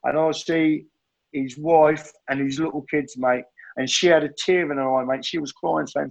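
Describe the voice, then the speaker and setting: A man gives an earnest, heartfelt testimony about his recovery at a group meeting and keeps calling his listeners "mate". His voice sits a little high and has a gravelly edge. The recording sounds slightly dull and muffled. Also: fairly even intonation, normal speed. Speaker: recovering addict sharing at a meeting.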